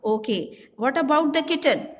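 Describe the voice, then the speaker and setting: A woman's voice: high voice, lively intonation, a little hiss or hum. Woman primary teacher, patient and explanatory, recorded with a long reverb tail. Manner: slow, explanatory, mixes Hindi into English. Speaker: primary school English teacher. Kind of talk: recorded online class lesson.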